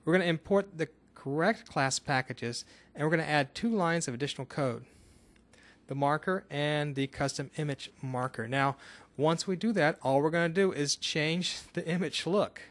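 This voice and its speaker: A man's voice: fairly high pitch, normal speed, a bit bright. A man from Northern Kentucky in the US, explaining a screencast coding tutorial step by step in a casual way. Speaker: instructor.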